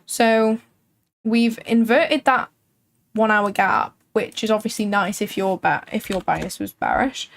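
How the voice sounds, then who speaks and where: A woman's voice: mid-range voice, a little slow, vocal fry. A woman hosting a live trading stream, chatting casually and thinking aloud with frequent filler words. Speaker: livestream trading host.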